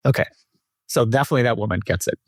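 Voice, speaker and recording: A man hosting a podcast, telling a long travel story in casual chat, animated and swearing, and acting out the people in it. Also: medium pitch, very fast, no echo, clean studio sound. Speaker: podcast host.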